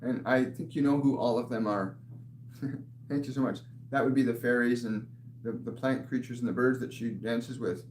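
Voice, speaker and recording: A man's voice: medium pitch, steady tone, moderate pace. A man working as a spiritual medium, answering viewer questions in a live session, earnest and often restarting his phrases. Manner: earnest, repeats and restarts phrases, laughs softly. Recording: echoey room with faint hum.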